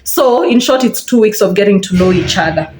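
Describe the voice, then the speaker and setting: A woman's voice: mid-range voice, fairly quick, roomy sound, slight background noise. A young woman with a Kenyan accent telling a casual storytime while getting ready, talking chattily and acting out what people said. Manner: chatty, animated, acts out quoted lines with laughter. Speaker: vlogger. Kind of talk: casual storytime while doing her hair.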